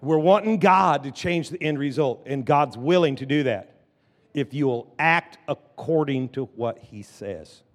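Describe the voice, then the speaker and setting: A man preaching a lively sermon as pastor, drawing the congregation into call-and-response. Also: mid-range voice, measured pace. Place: church sanctuary. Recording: long church hall reverb.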